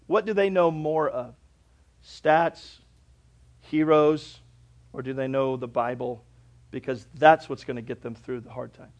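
A middle-aged male pastor preaching a sermon, with a preacherly delivery that swings from loud emphatic lines to low quiet drops, and that stretches out scripture quotes slowly.

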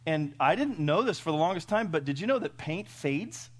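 A middle-aged man preaching a sermon in a folksy way, firing off rhetorical questions and swinging from loud to hushed. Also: high-pitched, big pitch swings, normal speed, few pauses, husky. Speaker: pastor.

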